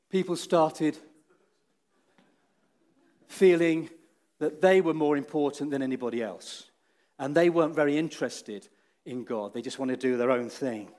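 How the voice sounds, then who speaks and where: A man with a slightly raised voice leads a children's talk in a church hall. He tells the story with restarts and hesitations, lifts his voice for dramatic moments and sinks low and quiet for the solemn ones. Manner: storytelling with many restarts, dramatic rises and hushed drops. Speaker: preacher.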